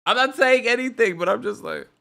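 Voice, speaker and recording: A man's voice: extremely high pitch, fairly quick, creaky. A man hosting a livestream who chats and gossips about a reality show, reads viewer comments aloud and laughs often. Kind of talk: casual reality TV recap commentary.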